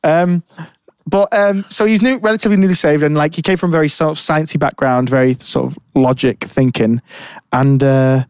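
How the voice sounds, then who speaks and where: A man's voice: on the high side, steady tone, normal speed, darkish tone, clean tone, no room sound. A man telling a rambling story in casual chat, full of fillers and restarts. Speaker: podcast co-host.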